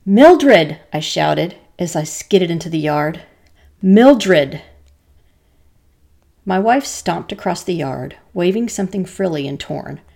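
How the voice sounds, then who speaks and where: A woman podcast host who tells stories in a measured, dramatic way. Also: on the low side, gravelly, a little mellow. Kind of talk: storytelling narration.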